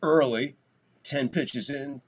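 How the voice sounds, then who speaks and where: A man hosts a live baseball stream, delivering casual play-by-play in a medium-pitched voice at a slow pace. He's loose and talky, swears freely, and gets loud on big plays.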